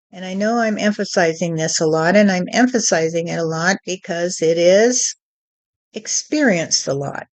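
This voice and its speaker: A woman giving a channeled spiritual teaching, speaking deliberately and often adding "you see.". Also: lowish voice, lo-fi sound.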